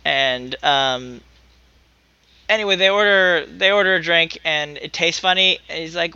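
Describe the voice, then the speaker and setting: High, gravelly man tossing sarcastic quips. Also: measured pace, sharp tone, no room sound, dull audio. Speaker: podcast co-host. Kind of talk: casual comedy podcast banter.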